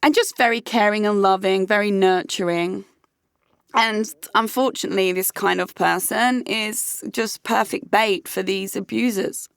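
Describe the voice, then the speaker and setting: Sweary British woman, gravelly voice. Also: mid-range voice, steady tone, measured pace, no echo, studio quality. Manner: candid, sweary, conversational with many fillers. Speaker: vlogger. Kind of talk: personal advice monologue.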